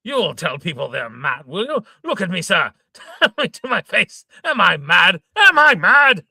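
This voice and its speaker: A man voicing a hot-tempered old gentleman who sputters oaths and exclaims indignantly, in an amateur reading of an old farce. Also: on the high side, sing-song, normal speed, gravelly, breathy edge, no echo, studio quality, heavily acted.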